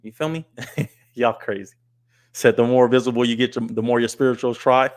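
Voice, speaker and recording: With a medium-pitched, steady voice at normal speed, this West Coast streamer, a grown man with a wife and kids, offers casual live commentary. He reads comments out loud and is blunt and scolding toward his chat.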